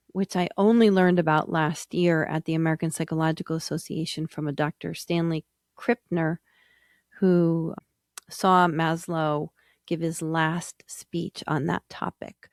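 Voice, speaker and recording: A woman hosting a podcast, telling a personal story in a gentle, earnest way. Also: low-pitched, no echo, studio quality. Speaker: podcast host, psychologist.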